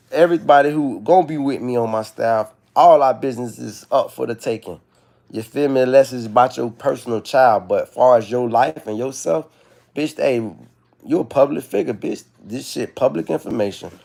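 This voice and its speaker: Gravelly-voiced man talking frankly on a livestream. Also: mid-range voice, moderate pace, a little mellow. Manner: rambling, frank, profane, confessional. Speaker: livestream host. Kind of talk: candid livestream talk.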